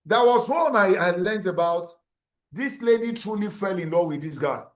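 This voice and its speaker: High-voiced male lecturer. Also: animated. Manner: explains slowly, repeats terms and checks if students follow. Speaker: university lecturer. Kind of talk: classroom lecture.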